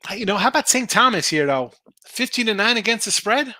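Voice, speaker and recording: Casual male betting-show host, bright forceful voice, dry close mic, rambling and animated. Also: high-pitched, brisk, no echo. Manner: animated, rambling, thinks aloud over betting lines. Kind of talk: casual live-stream chat reading viewer picks.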